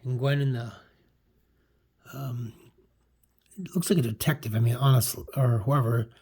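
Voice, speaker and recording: A man's voice: mid-range voice, steady tone, normal speed, dark tone, breathy edge. A man casually talking through an old comic book, rambling with lots of fillers and restarts. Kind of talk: casual chat.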